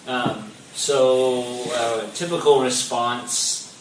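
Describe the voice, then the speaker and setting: A man's voice: medium pitch, fairly even intonation, extremely slow, noisy background. A man hosting a faith discussion, asking his questions carefully and with some hesitation. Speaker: host. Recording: roomy, distant mic.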